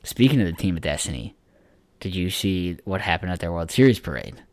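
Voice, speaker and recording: A man's voice: low voice, expressive, fairly quick. A man co-hosting a podcast, chatting casually about sports in a rambling, profane way full of filler words. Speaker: podcast co-host.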